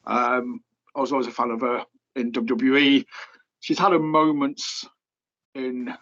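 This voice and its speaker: A man's voice: medium pitch, flat delivery, measured pace, fairly bright tone, muffled recording. A man co-hosting a podcast, talking casually and rambling with plenty of fillers. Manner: rambling, filler-heavy, chatty. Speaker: podcast co-host. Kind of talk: casual chat.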